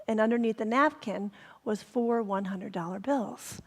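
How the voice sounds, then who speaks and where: A woman reverend giving a sermon, telling stories gently and sometimes dropping to a whisper for emphasis. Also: medium pitch, a little slow, in a large hall. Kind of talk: sermon storytelling. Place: spiritual center hall.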